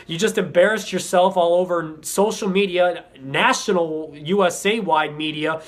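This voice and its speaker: Young male fan vlogger, frustrated rambling rant, cursing, a bit higher-pitched. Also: fairly bright tone. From Florida. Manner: frustrated, rambling, swears often.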